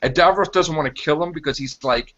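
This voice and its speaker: A man with a slightly raised voice rambles through a casual podcast chat, animated and full of acted-out quotes. The sound is dull and lo-fi. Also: a little high, fairly quick. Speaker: podcast co-host.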